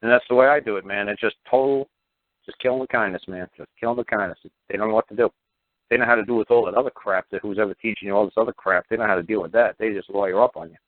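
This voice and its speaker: A man's voice: lowish voice, steady tone, quick pace. A man talking as a guest on call-in radio, rambling and profane, who keeps acting out the people in his stories. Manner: profane, rambling, acts out quoted dialogue. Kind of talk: call-in talk radio monologue. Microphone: telephone. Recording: tinny dry phone line.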